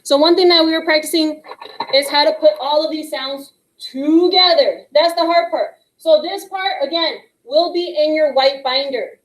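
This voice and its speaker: A woman teaching young students a phonics lesson, patient and encouraging, slowly sounding out letter blends. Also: high-pitched, echoey room, low-quality recording. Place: classroom with a whiteboard. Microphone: microphone picked up partway.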